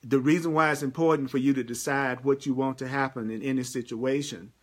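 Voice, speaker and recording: A man teaching a spiritual class on a livestream, emphatic and slow when he repeats key lines. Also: mid-range voice, steady tone. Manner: bursts into exuberant whoops and playful sounds. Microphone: webcam or phone livestream.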